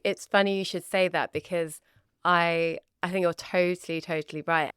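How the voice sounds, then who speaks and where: A woman from the United Kingdom co-hosting a podcast, lively and quick to react. Her voice sits on the lower side and sounds smooth and clear. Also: no echo, clean studio sound. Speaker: podcast co-host. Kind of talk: casual podcast chat.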